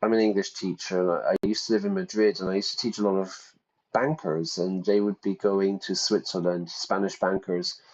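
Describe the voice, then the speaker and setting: Chatty teacher, rambling. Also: male voice, deep voice, little pitch movement, normal speed, muffled recording. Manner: chatty, wry, rambling asides. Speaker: English teacher. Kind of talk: casual screen-share lesson, reading aloud.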